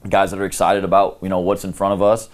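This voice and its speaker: A middle-aged man with a notably deep voice speaks as a head football coach in a sit-down interview. He talks in a relaxed, candid way, leaning on easy filler phrases as he thinks aloud. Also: fast talker. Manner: relaxed, candid, peppered with "you know".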